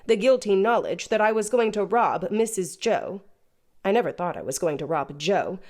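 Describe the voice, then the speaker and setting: With a medium-pitched voice, this audiobook narrator reads a classic novel aloud from a script. She keeps her delivery calm, steady, and measured.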